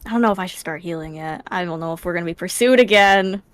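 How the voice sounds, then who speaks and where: A woman's voice: lowish voice, fast, clean tone, no echo. A woman playing in a tabletop game, blunt and swearing casually. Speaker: player.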